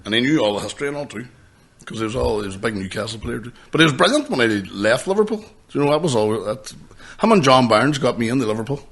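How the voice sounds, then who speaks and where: A man co-hosting a podcast, swearing freely as he tells animated stories in casual chat. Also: medium pitch, fast, slightly rough. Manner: animated storyteller, swears freely, laughs often. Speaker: podcast co-host.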